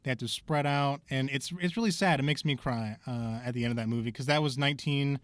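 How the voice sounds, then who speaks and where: A man's voice: mid-range voice, fast, dry recording. A man co-hosting a podcast, talking in a rambling, thoughtful way with lots of fillers. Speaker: podcast co-host. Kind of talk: casual podcast discussion.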